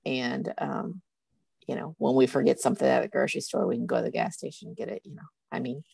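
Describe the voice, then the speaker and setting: A woman's voice: very deep voice, quick pace, gravelly, mellow, breathy edge, dry recording. A woman with a rural Illinois accent, telling stories and laughing easily in a casual video call. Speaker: coaching call participant.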